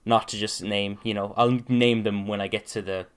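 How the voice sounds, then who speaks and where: A man's voice: fairly low pitch, steady tone, moderate pace, clear, resonant tone. A young man co-hosting a casual podcast chat, laughing easily and admitting he stutters a lot. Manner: laughing, self-aware about stuttering. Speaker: podcast co-host.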